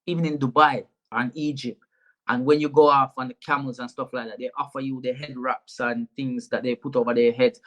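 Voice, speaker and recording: A young man with a Jamaican accent, a comedian guest speaking frankly and animatedly in a casual interview, often repeating words. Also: medium pitch.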